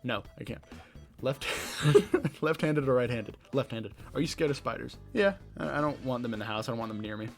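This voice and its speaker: A young man with a light Southern American accent, answering rapid-fire questions on his own podcast, rambling and laughing at himself. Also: medium pitch, creaky, faint music behind. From Southeastern United States. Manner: rambling, self-deprecating, laughs often. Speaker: podcast host. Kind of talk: casual Q&A monologue. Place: his bedroom.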